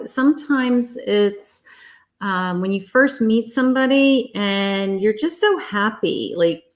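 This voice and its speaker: A middle-aged woman reading tarot cards on a live stream, chatting with viewers and reassuring them, calling them honey and sweetheart. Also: mid-range voice. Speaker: psychic tarot reader hosting a live stream.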